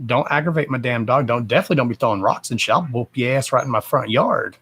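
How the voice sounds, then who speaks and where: A man's voice: mid-range voice, fast, a bit bright, breathy edge. A man hosting a casual livestream from home, talking bluntly and swearing freely in a fired-up, emphatic rant. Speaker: livestream host.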